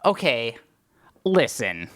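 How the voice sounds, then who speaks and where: A man's voice: medium pitch, sing-song, takes it slowly, a bit bright, no echo, studio quality. A young man co-hosting a movie talk stream, chatty and opinionated, laughing often as he talks. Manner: chatty, opinionated, laughs often, self-described film snob. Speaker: podcast co-host. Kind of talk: casual movie chat.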